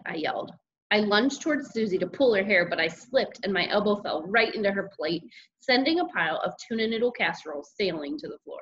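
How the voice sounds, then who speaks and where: A woman teacher reading a children's chapter book aloud, animated and giving the characters their own voices. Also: mid-range voice, normal speed. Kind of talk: read-aloud storytelling. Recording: dull lo-fi recording with faint noise.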